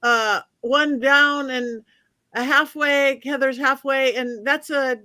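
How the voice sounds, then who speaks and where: Woman host, high voice, dry close sound, brisk and businesslike. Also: fairly even intonation, bright, forceful tone, no room sound. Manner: brisk, moves things along and tallies votes. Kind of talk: hosting a panel show.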